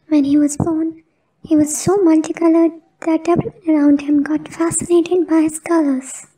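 A woman telling a children's bedtime story in a gentle, expressive narrating voice. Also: high voice, far from the mic, low-quality recording.

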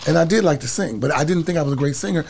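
A man's voice: fairly high pitch, racing, creaky, darkish tone, breathy edge. A middle-aged man telling stories from his past in a casual interview, laughing often and breaking into snatches of song. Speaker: guest telling his story.

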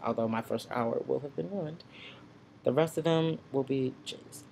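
A man vlogging at home into his computer's built-in mic, sassy, blunt and openly profane. His voice sits at an ordinary pitch with a gravelly fry running through it. A faint hum of room noise stays under his talk. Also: normal speed, a little mellow. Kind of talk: casual ranting vlog. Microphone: built-in computer webcam mic.

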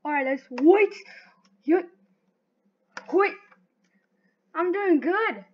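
A woman giving live gameplay commentary, excitable and talking to herself as she plays. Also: very high voice, very slow, long pauses. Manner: excitable, talks to herself while playing. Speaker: gaming video host. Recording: dull lo-fi recording.

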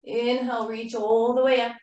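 A woman teaching a live yoga class, cueing poses calmly while doing the flow herself and running out of breath. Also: fairly high pitch, moderate pace, highs cut off. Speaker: yoga instructor. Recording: roomy echo from far off the mic.

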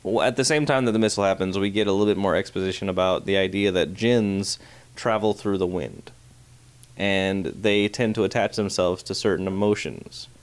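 A man's voice: low voice, brisk. A man co-hosting a podcast, recapping a film in laid-back casual chat. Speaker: podcast co-host.

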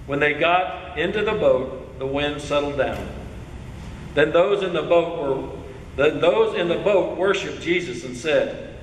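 High-voiced preaching man in echoey church. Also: a little slow, slight background noise. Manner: earnest, expressive preaching. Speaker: pastor. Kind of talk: scripture reading and sermon. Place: church sanctuary. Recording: echoey church hall with faint ambience.

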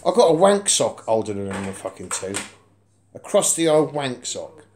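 A man's voice: mid-range voice, very animated, moderate pace, a little mellow, a little hiss or hum. Foul-mouthed rambling man. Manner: rambling, heavy swearing, blunt. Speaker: vlogger. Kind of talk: casual vlog chat. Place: indoors in a house.

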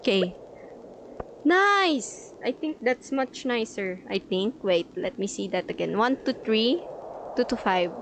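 A woman's voice: fairly high pitch, expressive, measured pace, noisy background. A woman casually commenting on her own gameplay, playfully chatting at the enemies and giggling often. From Philippines. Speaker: gaming channel host. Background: background music.

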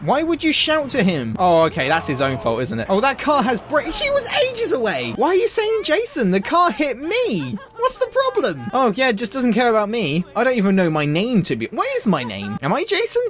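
A man's voice: very high voice, huge pitch swings, a little fast, hardly any pauses, fairly bright tone. A young man giving sarcastic, sweary let's play commentary. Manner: sarcastic, sweary running jokes. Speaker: gaming commentator.

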